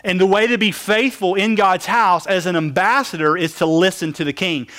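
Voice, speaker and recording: A man's voice: sits high, steady tone, moderate pace, a bit bright. A man preaching a sermon, asking the congregation questions and answering them with emphasis. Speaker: pastor.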